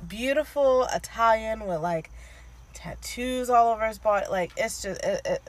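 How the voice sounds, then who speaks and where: A woman's voice: fairly high pitch, moderate pace, poor audio. A woman co-hosting a podcast, gushing in casual chat and filling her talk with "like" and "um.". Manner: gushing, filler-heavy with lots of "like". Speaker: podcast co-host.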